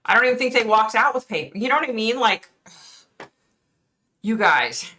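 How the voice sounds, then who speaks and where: Bright, outspoken woman chatting live. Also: fairly high pitch, animated, normal speed. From East Coast of the United States. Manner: chatty, outspoken, fired up, with mild swearing. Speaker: livestream host reading viewer chat. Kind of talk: casual live-stream chat.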